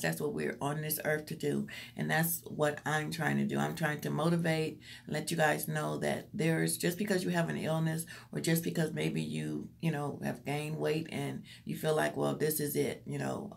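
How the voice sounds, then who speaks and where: A woman's voice: low voice, creaky. A woman vlogger giving an earnest, faith-based motivational talk, encouraging her viewers with preacherly repetition.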